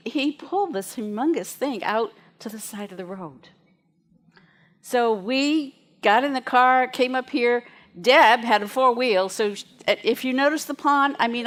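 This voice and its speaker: A woman minister preaches to her congregation with a slightly high voice. She tells stories in a chatty, lively way and often laughs along the way. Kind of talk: storytelling sermon to a congregation.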